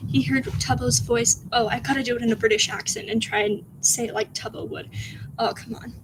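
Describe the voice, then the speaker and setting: A woman streamer reading her own spooky story aloud, soft and whispery, with giggly asides to chat. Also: a little high, fairly even intonation, a little fast, background noise.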